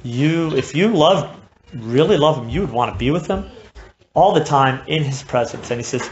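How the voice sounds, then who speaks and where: A fervent male preacher delivering a sermon, his voice dropping low and quiet, then rising loud and urgent. He sits at a middle pitch. The recording is dull and lo-fi, with a faint hiss underneath. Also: normal speed. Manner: impassioned, swings from hushed to shouting.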